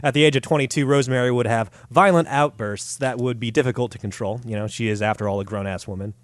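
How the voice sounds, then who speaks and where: A man's voice: medium pitch, fast talker, no room sound. A man hosting a comedy podcast, telling a story in a casual, profane, joking way. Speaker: podcast host.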